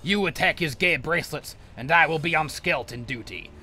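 A man's voice: a little high, brisk, bright, forceful tone, a little hiss or hum, voice pushed up. A man voicing a pompous male sorcerer mentor who speaks grandly and scorns his apprentices during gaming role-play. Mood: haughty. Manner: grandiose, haughty, formal speech.

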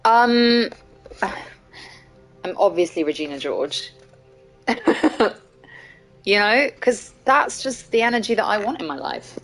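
A woman's voice: medium pitch, expressive, slow pace, long pauses, faint music behind. Chatty, playful woman gaming streamer. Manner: chatty, playful, swears freely. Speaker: streamer and voice actor playing a video game. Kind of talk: casual gaming stream chat.

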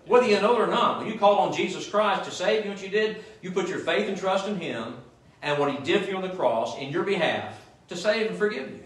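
A male pastor preaching a sermon in a church, often asking the congregation "Amen?" as he goes. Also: high voice. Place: church sanctuary. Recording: echoey church room, mic at a distance.

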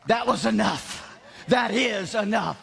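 A man preaching a revival sermon, shouting with animated, self-mocking humor in a large church. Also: high voice, slow pace, creaky. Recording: long hall reverb in church.

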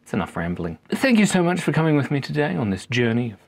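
Brief: thirties man, husky voice, lively swooping delivery, joking playfully about animals. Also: medium pitch, quick pace, no room sound. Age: 30s. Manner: playful, breaks into animal noises and laughs. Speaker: vlogger. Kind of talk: rambling comic monologue. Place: backyard cubby house.

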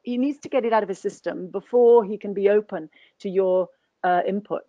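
A woman's voice: medium pitch, brisk, mellow, dry recording, highs cut off. A woman guest actor speaking in a conversational webinar interview, thoughtful and anecdotal, often restarting her sentences. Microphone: video call.

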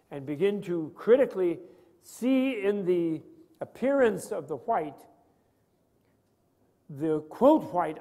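Older man, lecturer, gravelly voice, conversational and rambling, long hall reverb. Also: on the high side, darkish tone. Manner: rambling, conversational, asks students questions. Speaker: Buddhist scholar lecturing. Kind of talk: lecture on Buddhist philosophy.

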